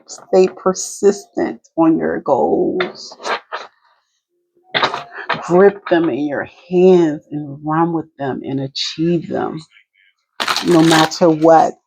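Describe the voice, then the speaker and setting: Slow, musing New Jersey woman reading tarot. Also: deep voice, steady tone. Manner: unhurried, musing, talks to the cards and spirit. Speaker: tarot reader. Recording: clear background noise.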